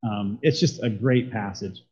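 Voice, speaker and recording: A man's voice: mid-range voice, animated, moderate pace, darkish tone, muffled recording. A man preaching a sermon as a pastor, talking conversationally and putting questions to his congregation.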